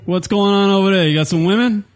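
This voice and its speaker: Joking radio host with a slightly high voice. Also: male voice, fast. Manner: joking and teasing. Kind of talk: casual crude banter.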